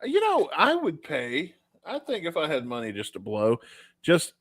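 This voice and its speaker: A man's voice: a little high, huge pitch swings, measured pace, fairly bright tone, no room sound. A man co-hosting a podcast in casual chat, bantering and joking with profanity. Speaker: podcast co-host.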